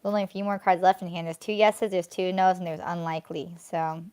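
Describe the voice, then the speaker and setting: A young woman reading tarot cards on a live stream, chatting to viewers as she draws cards and sometimes breaking into excited squeals. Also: on the low side, brisk, clean tone. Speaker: tarot card reader.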